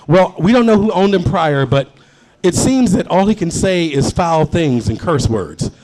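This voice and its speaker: A man's voice: high-pitched, lively intonation, measured pace, a little mellow, poor audio. A man doing a blunt pet-shop keeper. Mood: frank.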